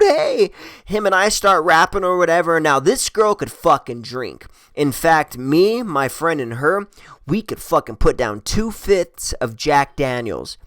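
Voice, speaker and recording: A man's voice: mid-range voice, a bit bright, dry recording. A man telling a personal story in a casual, rambling way, swearing a lot and joking crudely. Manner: profane, rambling, crude humor.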